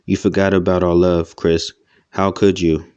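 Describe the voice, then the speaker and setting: A man with a deep voice voicing a grieving ghostly woman who accuses her lover in a storybook reading. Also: little pitch movement, normal speed, darkish tone, clean tone, dry recording, dull audio, lightly acted. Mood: sorrowful. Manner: sorrowful, accusing.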